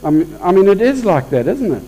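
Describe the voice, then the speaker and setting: A man's voice: high voice, sing-song, a little fast, dark tone, rough recording. A man preaching a conversational sermon at a church service, talking informally with restarts and building to emphatic peaks.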